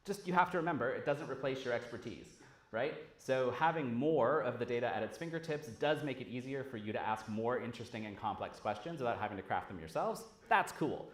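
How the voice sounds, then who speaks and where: A man giving a casual, animated conference talk, swearing freely as he speaks. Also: medium pitch, a little fast. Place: large lecture hall. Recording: roomy hall sound.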